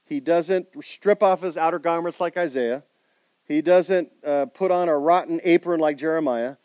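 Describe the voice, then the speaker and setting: A man preaching a sermon, putting rhetorical questions to his congregation and swinging between loud emphasis and quiet intensity. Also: on the high side, normal speed, dry recording. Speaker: pastor.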